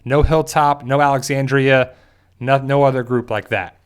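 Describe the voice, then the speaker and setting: A man's voice: mid-range voice, fairly even intonation, moderate pace, clear, resonant tone. Rambling man hosting a casual livestream. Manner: rambling, conversational, many restarts and asides. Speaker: host of a TV fan channel. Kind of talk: casual live-stream episode review.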